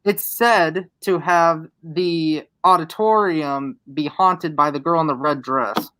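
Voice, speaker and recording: A young man joins a live-stream chat as a guest and tells a story at an unhurried pace, stopping for ums and uhs. His voice sits a little high. The sound is close and dry, with no room around it. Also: sharp tone, clear, resonant tone, no room sound, rough recording. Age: young adult. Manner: unhurried storyteller with many fillers.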